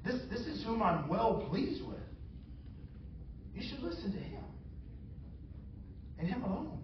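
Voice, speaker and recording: A man hushing into a stern fatherly divine voice. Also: very animated, background noise. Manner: low, hushed, deliberate. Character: God, a stern, weighty fatherly voice. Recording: roomy, distant, dull sound.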